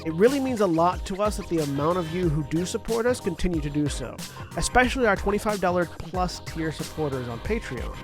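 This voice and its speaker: A man hosting a live-streamed tabletop game as game master, upbeat and quick to laugh. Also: high voice, animated, over music. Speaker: game master and executive producer.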